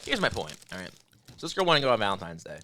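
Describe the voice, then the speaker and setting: A young man co-hosting a podcast, telling stories in casual banter with a deadpan edge. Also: on the low side, very fast. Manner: deadpan storytelling with mock-drunk asides. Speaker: podcast co-host.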